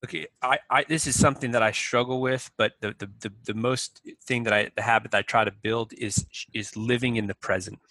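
Bright-voiced animated man, dry sound. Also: mid-range voice, brisk, few pauses, no room sound, poor audio. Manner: animated storyteller who acts out his inner thoughts, many restarts. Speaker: guest, company president. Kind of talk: conversational interview.

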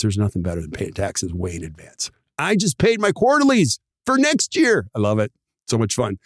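A man's voice: medium pitch, dry recording, clean studio sound. A man hosting a podcast, explaining practice numbers with energy and acting out little dialogues. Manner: animated, voices other people in quick asides. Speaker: podcast host. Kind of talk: enthusiastic explaining with acted-out dialogue.

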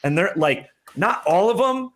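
A man's voice: high-pitched, lively intonation, moderate pace. A man telling a story in casual chat, heated and swearing a lot.

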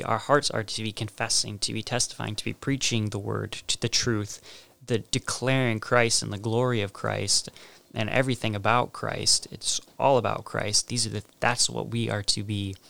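A man giving an informal Bible teaching, reading scripture aloud and talking in a halting way, restarting and repeating words for emphasis. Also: fairly low pitch, creaky, fairly bright tone. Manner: reads scripture passages aloud.

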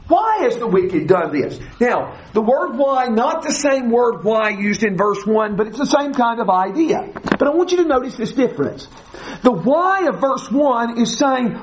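A man's voice: very high voice, rough recording. A man teaching verse by verse through a psalm, stressing and repeating key phrases emphatically. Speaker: preacher.

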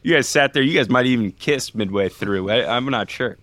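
A man co-hosting a sports podcast, a former walk-on who teases his co-hosts in quick, joking chat. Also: medium pitch, fairly bright tone, no echo. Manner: teasing, fast, ribbing. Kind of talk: casual chat, teasing co-hosts.

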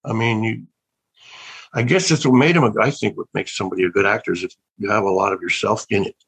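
Fast and a bit bright, with a husky, lowish voice, an older actor being interviewed as a guest drifts through stories in a reflective, wondering way. He restarts often and leaves thoughts trailing, and the recording quality is low.

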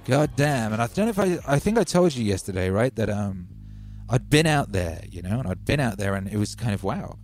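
A man's voice: on the low side, very animated, brisk, darkish tone, soft background music. A man hosting a livestream, telling rambling, wry stories in a casual chat from home. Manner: chatty, wry storytelling with hype openers. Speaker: livestream host.

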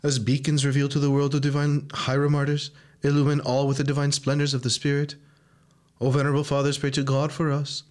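A man chanting liturgical prayers in a solemn, steady recitation. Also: mid-range voice, fast talker. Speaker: reader of prayers.

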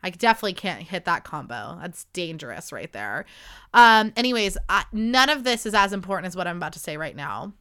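A woman's voice: lowish voice, sing-song, fairly quick, pushed and bright, clean tone. A woman in her twenties hosting a casual solo podcast, bubbly and chatty, saying "like" a lot. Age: 20s. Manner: bubbly, chatty, says "like" often. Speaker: podcast host.

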